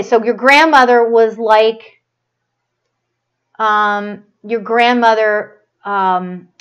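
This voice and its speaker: A woman hosting a live spiritual stream, giving a psychic reading in a rambling, halting way with many fillers and restarts, and a gushing, affectionate tone. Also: mid-range voice, lo-fi sound. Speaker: medium hosting a live show.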